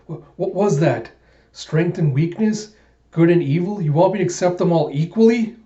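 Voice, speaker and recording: A man's voice: medium pitch, a little slow, mellow, lightly acted. A man voicing a young female cyborg warrior who is fierce and distraught, breaking into rising, pleading outbursts. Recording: roomy, dull home recording.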